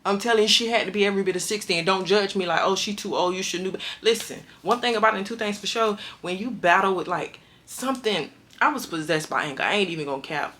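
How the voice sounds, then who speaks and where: A young woman tells a story straight to camera in an emphatic, slangy way. Her tone is bright and forward, and her pitch jumps sharply whenever she acts out what someone said. She sits at a middling pitch for a woman. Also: fast. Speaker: vlogger telling a prison story.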